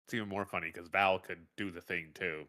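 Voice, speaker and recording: A man's voice: sits low, steady tone, brisk, pushed and bright. A man playing a tabletop game, making joking remarks. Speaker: player. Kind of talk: casual tabletop play.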